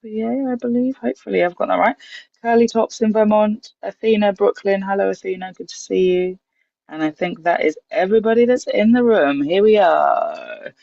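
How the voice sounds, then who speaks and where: Leading a breathing warm-up for an online singing group, this woman first welcomes each participant by name and where they're from. She speaks fairly quickly in a creaky, medium-pitched voice, with no room sound, through dull, dry video-call audio.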